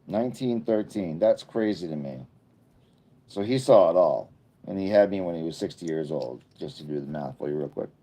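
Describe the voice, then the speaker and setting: This is a man in his fifties hosting a casual livestream. His voice sits low, with a mellow, unforced tone. He rambles easily between comments, tossing in jokey asides as he goes. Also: lively intonation, normal speed. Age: 50s. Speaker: livestream host.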